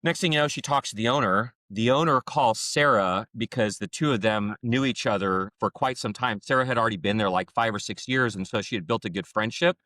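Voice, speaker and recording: A man's voice: on the low side, brisk, hardly any pauses, no echo, studio quality. A man hosting a podcast, telling a story in a casual, chatty way and acting out the dialogue. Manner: chatty, acts out quoted dialogue with lively voices. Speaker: podcast host.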